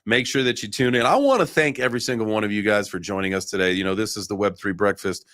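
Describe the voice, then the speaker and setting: A man's voice: fairly low pitch, quick pace, a bit bright, dry recording, studio quality. A man hosting a casual crypto livestream, talking loosely with restarts and the odd curse. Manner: loose, swearing, rambling with restarts. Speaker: livestream host.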